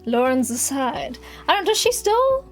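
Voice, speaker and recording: A woman's voice: high voice, big pitch swings, unhurried. A young woman streamer chatting casually on a live stream, giggling often and swearing offhandedly, with music faintly behind. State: has covid.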